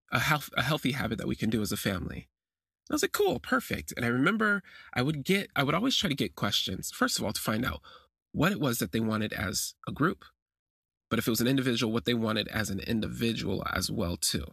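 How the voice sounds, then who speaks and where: A man with a gravelly, husky voice tells a confessional story on his podcast. His pitch leaps up when he acts out his own reactions. The recording is dry, made close on a phone. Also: no room sound. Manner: animated, jumps high when acting out his own reactions. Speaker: podcast host.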